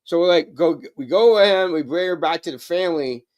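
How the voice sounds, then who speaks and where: A man's voice: a little high, a little fast, darkish tone. A man chatting casually on a live stream, rambling and swearing while stoned. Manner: rambling, swearing, laid-back. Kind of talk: casual chat.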